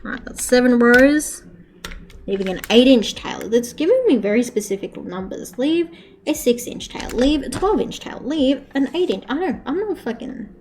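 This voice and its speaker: A woman's voice: a little high, big pitch swings, normal speed, a little mellow, slight background noise. A young woman chatting casually on a live stream while she crochets, swearing freely and laughing often.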